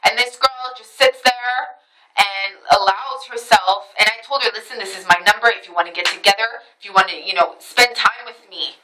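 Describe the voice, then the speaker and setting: A woman's voice: medium pitch, moderate pace, pushed and bright, rough recording. A woman vlogger telling a story in a casual monologue, emphatic and full of retold dialogue. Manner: emphatic, retells conversations with quoted dialogue.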